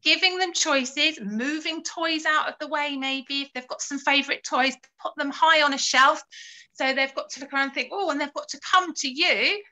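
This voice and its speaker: Woman, fairly high voice, encouraging parent advice, live Q&A. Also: normal speed, pushed and bright, rough recording. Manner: encouraging, acts out phrases to children. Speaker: early years family support worker.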